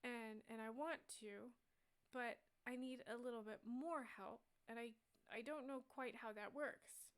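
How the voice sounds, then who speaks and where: A woman's voice: a little high, steady tone, a little slow, clean tone, close to an everyday voice. A woman voicing a chatty young girl dragon. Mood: shy. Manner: rambling, earnest, childlike. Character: very young excitable female dragon.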